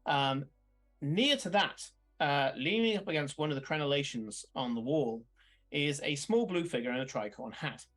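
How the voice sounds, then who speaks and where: A man's voice: fairly high pitch, expressive, moderate pace, a bit bright, soft background music. A man running a tabletop game as game master, narrating casually with many fillers and chuckles.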